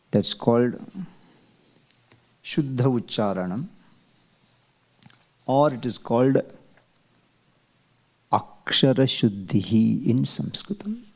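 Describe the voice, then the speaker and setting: Male teacher, unhurried classroom lecture, low mellow gravelly tone. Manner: slow, deliberate explaining with rhetorical questions. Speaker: Vedic chanting teacher.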